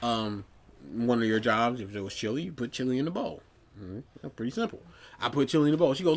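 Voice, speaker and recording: Young adult man, podcast guest, casual animated storyteller who acts out coworkers. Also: sits high, normal speed, vocal fry.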